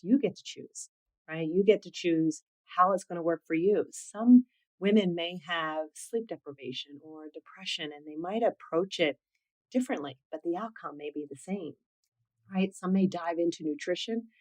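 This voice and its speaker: A middle-aged woman speaks earnestly in an interview about the nonprofit she founded. Her voice sits a little low. She tells her story in an animated, personal way, often filling with "you know". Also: rough recording. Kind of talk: conversational interview.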